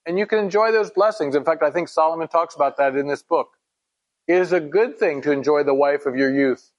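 A man's voice: a little high, a little fast. A man teaching a Bible study in a conversational way, reading scripture aloud and asking his listeners questions.

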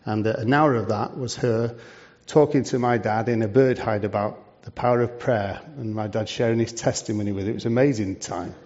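A man's voice: fairly low pitch, fairly even intonation, fairly quick. Man telling stories from the pulpit. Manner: warm storytelling, conversational, rhetorical questions. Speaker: charity leader speaking to a church. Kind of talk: preaching talk. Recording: dull lo-fi sound.

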